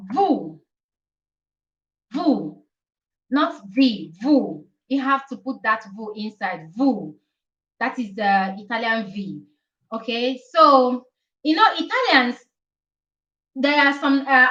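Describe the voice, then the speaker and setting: A woman's voice: high-pitched, fairly bright tone. Chatty woman teaching the alphabet, distant. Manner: chatty, repeats letters, asks "okay?" often. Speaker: Italian teacher. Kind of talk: casual live-stream alphabet lesson. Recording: distant dull live-stream audio.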